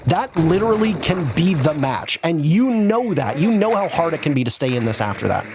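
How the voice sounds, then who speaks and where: A man doing live esports commentary, measured and analytical as he breaks down the play. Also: a little high, sing-song, noisy background. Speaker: esports caster.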